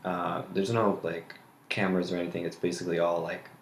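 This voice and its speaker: Low, laid-back man in an echoey room. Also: flat delivery, fairly quick. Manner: laid-back, hesitant, filler-heavy. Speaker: podcast guest. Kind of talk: casual chat. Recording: roomy echo.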